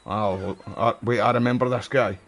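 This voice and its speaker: A man's voice: fairly low pitch, steady tone, normal speed, fairly bright tone. A man with a West Lothian Scottish accent chatting casually and swearing freely while he streams a game for his viewers. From Scotland. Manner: friendly, chatty, sweary slang. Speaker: live streamer. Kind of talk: casual chat over gameplay.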